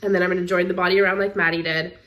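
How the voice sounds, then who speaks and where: A woman co-hosting a podcast, wheezing a little and clearing her throat, chatting in an easygoing, self-deprecating way. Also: lowish voice, level tone, rapid-fire, a bit bright. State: wheezy from asthma. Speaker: podcast co-host. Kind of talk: casual chat about knitting.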